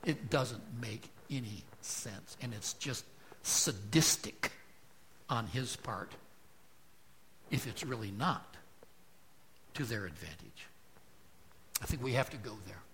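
A pastor preaching a sermon with emphatic rhetorical questions, his loudness swelling and dropping. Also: mid-range voice, animated, slow, long pauses, a little hiss or hum.

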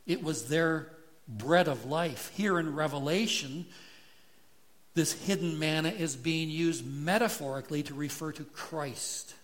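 Male pastor, slightly high voice, slow deliberate delivery, earnest sermon tone. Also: a bit bright. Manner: slow, earnest preaching with rising intensity. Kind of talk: expository sermon.

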